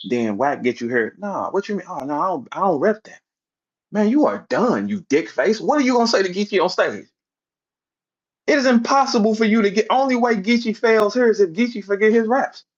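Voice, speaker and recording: A man's voice: high voice, fairly bright tone. Angry man ranting on a muffled stream. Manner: profane, confrontational, mocking impressions of others. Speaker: battle rap personality on a live audio space. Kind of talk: heated rant.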